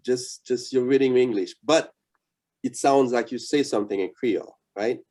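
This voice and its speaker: Man, patient teacher, dark mellow tone, video call. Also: mid-range voice. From Haiti. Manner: patient, coaching, repeats words slowly. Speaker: language instructor. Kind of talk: interactive online lesson.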